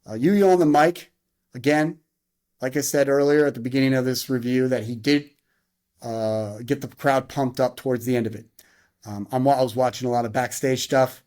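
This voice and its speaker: A man with a mid-range, darkish voice hosts a casual wrestling review at a normal pace and fairly even intonation. He goes through the matches move by move, firing off the calls in bursts. His delivery rambles, with frequent restarts and side tangents.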